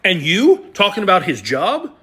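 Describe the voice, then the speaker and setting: A man's voice: sits high, huge pitch swings, normal speed, sharp tone. A man giving blunt, profane commentary, telling a story before turning angry. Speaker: online commentator.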